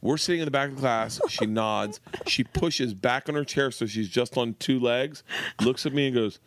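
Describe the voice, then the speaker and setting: A man in his forties telling funny stories about his daughter in casual podcast chat, animated and profane, laughing as he goes. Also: medium pitch, moderate pace. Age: 40s. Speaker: comedian guest.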